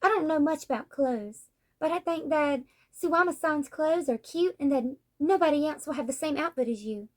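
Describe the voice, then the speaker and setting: A woman reading aloud as a shy, earnest young female model from a comic, speaking softly and sincerely. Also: high-pitched, moderate pace, pitched above the performer's own voice, lightly acted.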